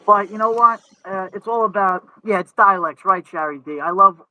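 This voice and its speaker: Speaking at a moderate pace in a high-pitched voice, this livestream host sounds thin because the highs are cut off. He's outside on a windy night under an umbrella, keeping up a jokey, chatty stream in heavy New York speech with a Brooklyn accent.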